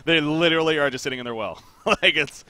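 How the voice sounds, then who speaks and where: A young man casting a live esports match, calling play-by-play in quick, easy, chatty commentary. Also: fairly high pitch. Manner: quick play-by-play that builds to excited calls during fights.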